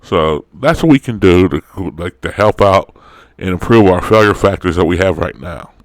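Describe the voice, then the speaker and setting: A man's voice: deep voice, lively intonation, normal speed, no room sound. A man hosting his own commentary vlog, talking in a blunt, profane, lecturing way. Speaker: host of an online commentary show. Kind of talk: opinion vlog monologue.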